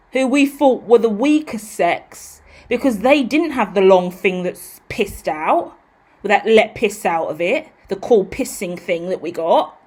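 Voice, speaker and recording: A woman, hosting a tarot channel in a casual, rambling monologue. She is animated, swears freely and acts out what she talks about. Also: a little high. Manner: animated, profane, theatrical.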